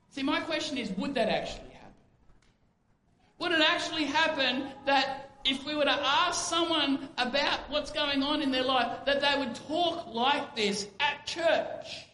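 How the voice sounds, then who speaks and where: A man's voice: very high voice, expressive, unhurried, bright, forceful tone. A man preaching a sermon as a pastor, conversational, asking rhetorical questions and acting out quoted speech. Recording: echoey room with faint ambience.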